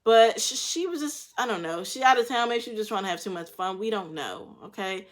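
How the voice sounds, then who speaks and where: This young woman talks a little fast, her mid-range voice lively in intonation, as she runs through a reality show episode. She curses freely and gives frank, slangy, blunt reactions.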